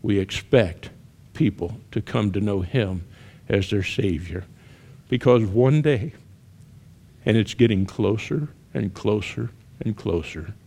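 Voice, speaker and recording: A man preaching a sermon, telling a story with shouted cries and then dropping to hushed, earnest appeals. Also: lowish voice, creaky.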